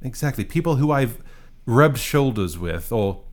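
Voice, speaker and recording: Animated joking man at a game table. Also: mid-range voice, unhurried. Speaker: player. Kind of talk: in-character tabletop play.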